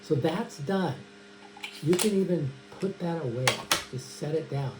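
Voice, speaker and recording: A man's voice: fairly high pitch, a little slow. A man casually teaching a magic trick, chatting and addressing an imagined audience of kids. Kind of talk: casual tutorial demonstration. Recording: echoey room with mains hum.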